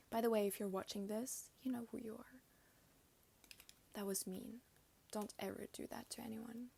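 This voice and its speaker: A woman's voice: a little high, fairly even intonation, normal speed, gravelly, long pauses, mellow, slightly rough. A young woman hosting a casual podcast while doing her makeup, telling stories in a confiding way and often dropping to a whisper. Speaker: podcast host. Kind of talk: casual storytelling chat.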